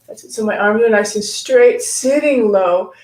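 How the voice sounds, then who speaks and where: A woman teaching a live-streamed yoga class, giving slow, calm cues between audible sighs and sounding a little out of breath as she demonstrates. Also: mid-range voice. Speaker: yoga instructor. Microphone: camera mic at a distance. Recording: echoey room, voice from far off.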